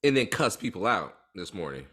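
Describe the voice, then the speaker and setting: Animated, indignant man venting. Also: low-pitched, fairly quick, breathy edge. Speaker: podcast co-host. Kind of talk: casual chat.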